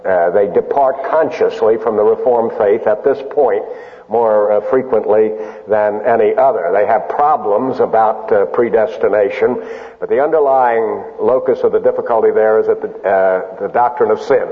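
Man preaching in an echoing hall. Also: medium pitch. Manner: deliberate, emphatic, with frequent filler pauses. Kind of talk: sermon. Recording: lo-fi phone-band recording in a reverberant hall.

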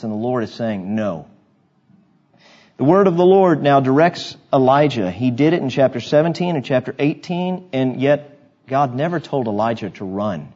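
A male pastor delivers a sermon from the pulpit, pressing his points with emphasis and breaking off for friendly asides to the congregation. His voice sits at an ordinary pitch for a man. The recording is a little dull and muffled. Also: dark tone.

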